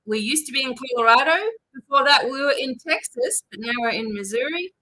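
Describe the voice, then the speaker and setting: A woman's voice: high voice, brisk, bright, forceful tone, slight background noise, rough recording. An Australian woman hosting a live psychic-reading stream, chatting casually and reading out viewers' names and places.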